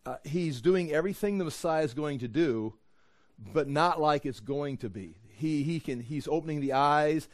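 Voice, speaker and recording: A man's voice: a little high, normal speed, no echo, studio quality. A man preaching a verse-by-verse sermon in a conversational way, often repeating words and acting out quoted speech. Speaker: pastor teaching the Bible. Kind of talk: expository sermon.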